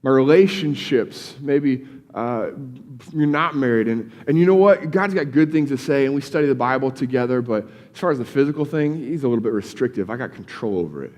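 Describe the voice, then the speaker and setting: A man's voice: mid-range voice, brisk, a little mellow, long reverb tail. A male pastor giving a casual, conversational sermon in a church, often repeating words as he starts sentences. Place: church sanctuary.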